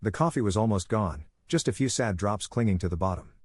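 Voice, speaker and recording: Casting: low, husky male storyteller, measured read, dry close sound. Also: expressive, a little mellow, no room sound. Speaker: narrator. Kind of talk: scripted first-person story narration.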